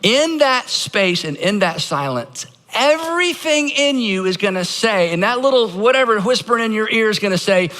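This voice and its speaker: Animated high-voiced pastor in a hall. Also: male voice, moderate pace, few pauses. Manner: emphatic, leads congregation in call-and-response practice. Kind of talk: sermon.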